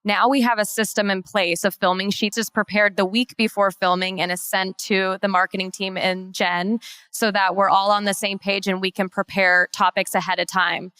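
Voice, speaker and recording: Bright, crisp businesslike woman presenter. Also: mid-range voice, level tone, normal speed, no echo. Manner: organized, explanatory, businesslike. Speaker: law firm marketing lead. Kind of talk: conference presentation.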